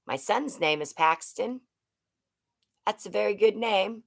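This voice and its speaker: A woman's voice: mid-range voice, expressive, a little slow, gravelly, pauses often. A middle-aged woman hosting a casual livestream, rambling and chatting as she reads out viewer comments. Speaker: livestream host. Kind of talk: casual live chat with viewers.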